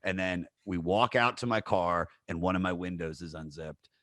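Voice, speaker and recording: A man in his thirties hosting a podcast, telling a crude, animated story full of fillers. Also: low voice, normal speed, no room sound, studio quality. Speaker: podcast host. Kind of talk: casual storytelling chat.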